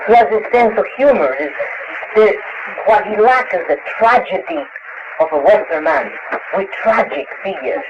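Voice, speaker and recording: Man rambling through stories, lots of uh's and restarts, high lively voice, hissy old tape. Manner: halting, many restarts and fillers, laughs often. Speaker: interviewed author. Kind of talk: lecture Q&A, casual storytelling. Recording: dull lo-fi 1960s tape with hiss.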